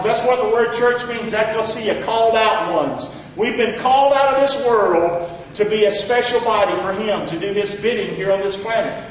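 A man's voice: high-pitched, normal speed, a little hiss or hum. A man preaching a sermon as pastor, fervent, asking the congregation to answer him back. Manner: fervent, call-and-response preaching. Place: church sanctuary. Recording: echoey hall, distant mic, dull.

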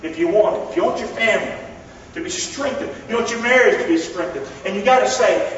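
Pastor, male, high voice, folksy, emphatic sermon delivery, recorded from a distance in a long-reverb hall. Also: fairly bright tone. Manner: folksy, joking, calls on the congregation to answer; emphatic, slows down to stress key words. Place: church sanctuary. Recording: echoey hall, distant dull mic.

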